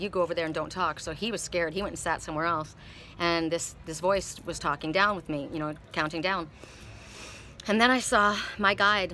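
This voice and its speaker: A woman's voice: lowish voice, sharp tone, slight background noise. A middle-aged woman who reads tarot cards, telling a personal story in a rambling, emotional way with many repeated words. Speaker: tarot card reader. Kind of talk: casual spoken storytelling.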